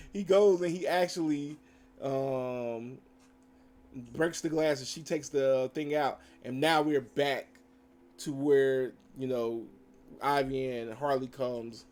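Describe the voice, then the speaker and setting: This show reviewer has a medium-pitched, somewhat dark male voice. He recaps cartoon episodes casually, rambling through scenes, acting out quotes, and leaning on lots of fillers.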